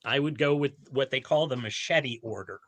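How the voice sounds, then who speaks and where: A man's voice: mid-range voice, normal speed, no room sound. A man co-hosting a podcast, chatting casually and animatedly about films and shows, with many restarts. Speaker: podcast co-host. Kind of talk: casual chat.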